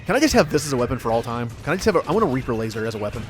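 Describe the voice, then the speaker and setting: A man's voice: mid-range voice, rapid-fire, soft background music. Chatty man streaming a game. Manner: chatty and excitable, yelps and laughs at the game. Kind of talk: casual gameplay commentary.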